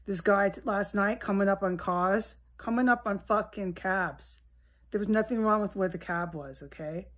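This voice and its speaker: A woman's voice: medium pitch, moderate pace, a bit bright. Woman, solo vlog monologue, at home indoors, rambling, profane, mutters then flares up. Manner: rambling and profane, drifting between muttering and heated outbursts. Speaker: vlogger. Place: at home, indoors with a window open.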